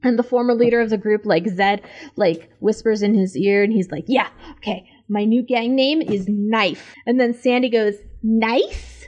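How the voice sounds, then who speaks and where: A woman's voice: medium pitch, moderate pace, a little mellow, highs cut off. A woman co-hosting a podcast, casually recapping a movie with enthusiasm and playful quoted lines. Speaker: podcast co-host.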